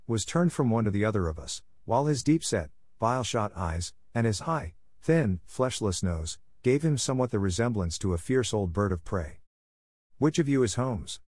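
Low-voiced man reading a classic story. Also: darkish tone, dry recording, studio quality. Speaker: audiobook narrator. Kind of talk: scripted narration.

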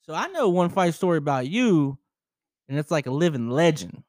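Dude on a podcast mic telling a bar fight story, laughy, swears a lot, kinda high voice, dry sound. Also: male voice, big pitch swings, moderate pace, darkish tone, dry recording. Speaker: podcast co-host. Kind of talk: casual chat, storytelling. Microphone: close studio microphone.

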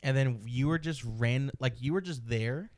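A man's voice: medium pitch, moderate pace, dry recording. A young man hosting a podcast in casual chat, teasing his guest and acting out other people's lines as he tells stories. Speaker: podcast host.

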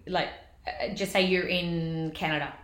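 A woman's voice: lowish voice, steady tone, a little slow, a bit bright. A woman co-hosting a podcast, asking eager, rambling questions. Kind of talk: casual chat. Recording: echoey room.

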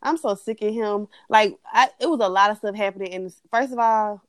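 A young woman co-hosting a casual chat, blunt and animated, swearing freely as she rants. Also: medium pitch, a little fast, no echo. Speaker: podcast co-host.

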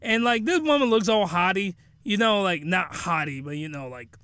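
A man hosting a podcast, giving a comedic recap of a cartoon episode in animated slang and breaking into excited shouts. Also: high-pitched, moderate pace, few pauses, clean tone, no room sound. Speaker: podcast host.

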